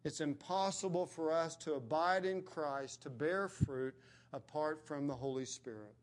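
A man's voice: on the high side, unhurried. A man preaching a sermon, earnest and emphatic, pressing his points with rising stresses.

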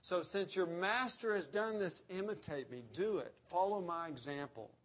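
A man preaching an expository sermon, slowing down to quote scripture and stressing key words. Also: sits high, a bit bright. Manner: emphatic, slows down to quote scripture. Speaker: pastor.

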